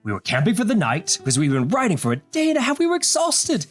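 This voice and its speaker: Eager flattering older guy, high and swooping, a man putting him on. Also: fast, soft background music, full character voice. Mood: excited gushing. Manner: breathless, gushing, rambling. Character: excitable fawning older male traveler.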